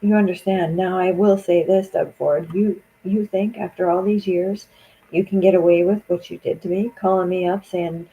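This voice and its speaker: A furious streamer rants, full of curses. The voice is gravelly with vocal fry and a dark, mellow tone. It is a political monologue spoken straight into the stream. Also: mid-range voice, steady tone, normal speed, highs cut off. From Canada. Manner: angry, profane, venting.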